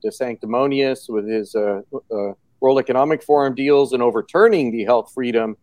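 A man's voice: medium pitch, normal speed, a little mellow, dry recording. A man co-hosting a political chat show who talks sarcastically and rambles with many fillers. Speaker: show host.

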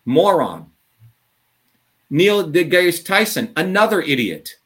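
Heated guy ranting in an interview, kinda high voice, swears a lot, speeds up and drags words out. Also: very animated, a bit bright. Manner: combative, ranting, profane, swings from fast to drawn-out. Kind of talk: impassioned interview talk.

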